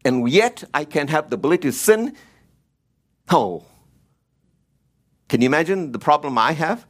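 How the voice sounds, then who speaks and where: A man's voice: on the high side, big pitch swings, normal speed. A man teaching the Bible in a church, emphatic and repeating key words, often rising when he stresses a point.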